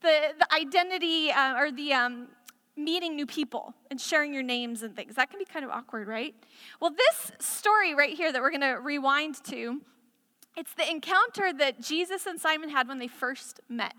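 A woman's voice: high voice, animated, moderate pace, bright, forceful tone, in a large hall. A woman preaching a sermon in a chatty, conversational storytelling way, full of casual asides.

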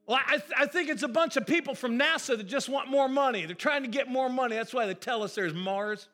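Guy doing a stubborn folksy texan-drawl doubter, high bright voice, kinda off-mic. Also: a little fast. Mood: suspicious. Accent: Texan drawl, put on. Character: folksy stubborn drawling skeptic man, middle-aged.

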